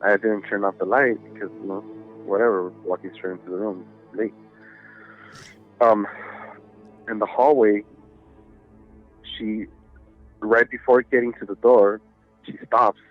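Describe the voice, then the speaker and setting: Low-voiced man telling a spooky story. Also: steady tone, unhurried, long pauses, phone-quality sound, faint music behind. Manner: rambling, profane, many fillers. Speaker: podcast guest. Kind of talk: casual storytelling.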